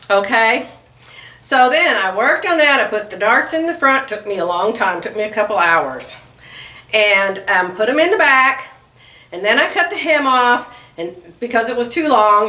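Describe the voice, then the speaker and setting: Bright, lively middle-aged woman storyteller. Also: on the high side, far from the mic. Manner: chatty, animated, laughs often mid-story. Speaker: sewing vlogger. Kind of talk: casual storytelling to viewers. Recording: echoey room.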